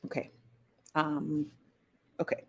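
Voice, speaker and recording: A woman hosting a live stream in a relaxed, chatty way, greeting viewers and laughing easily. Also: low voice, slow pace. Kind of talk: casual live stream chat.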